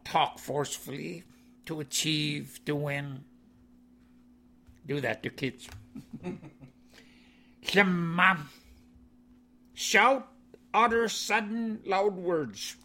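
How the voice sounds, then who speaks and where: A man teaching vocabulary. He says each word, then explains its meaning in plain, halting English with many "you know"s. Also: fairly high pitch, vocal fry, sharp tone, a little hiss or hum. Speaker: language teacher.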